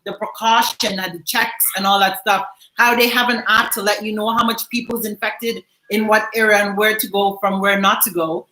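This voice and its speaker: A woman's voice: medium pitch, bright, forceful tone, echoey room, low-quality recording. A Jamaican woman hosting a vlog, chatting casually and laughing as she reads viewer comments, slipping into patois phrases. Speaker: vlog host.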